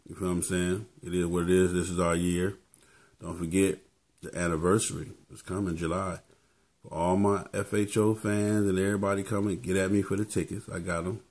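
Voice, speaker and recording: A man's voice: deep voice, flat delivery, a little fast, a little mellow. A man giving casual motivational talk as a vlogger, laid-back and tacking "man" onto his phrases.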